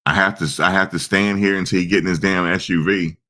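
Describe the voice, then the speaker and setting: A man casually telling stories, acting out voices with sudden high-pitched outbursts in profane, slangy talk. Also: steady tone, brisk, pushed and bright. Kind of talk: casual storytelling.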